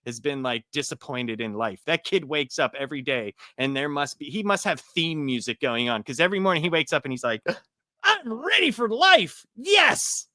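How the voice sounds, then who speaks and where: A man chatting as a podcast guest, telling stories in a profane, animated way. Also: mid-range voice, a little fast, hardly any pauses, dry recording. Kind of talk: casual podcast chat.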